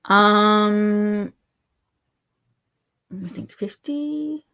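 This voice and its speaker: An Australian woman hosting a casual livestream, soft-spoken and rambling, often dropping to a murmur. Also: medium pitch, extremely slow, smooth, lo-fi sound. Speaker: livestream host.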